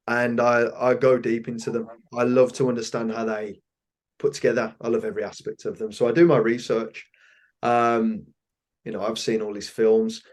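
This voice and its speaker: Hosting a relaxed interview on his podcast, this British man speaks at a medium pitch with a somewhat dark tone. His enthusiasm shows as he keeps repeating phrases to drive points home.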